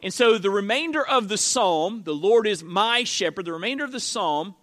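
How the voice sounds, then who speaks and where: A pastor in his forties delivers an earnest sermon in a high, bright voice. He circles back to repeat key phrases and restarts sentences as he goes. His tone stays close and sincere, like teaching a congregation. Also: lively intonation, normal speed.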